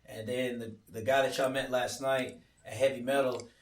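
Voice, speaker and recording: A man's voice: mid-range voice, flat delivery, normal speed, distant mic. A man with a Texan accent, a wrestler guest on a podcast, boastful and rambling as he lists names. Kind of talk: casual podcast chat. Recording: roomy, from off-mic.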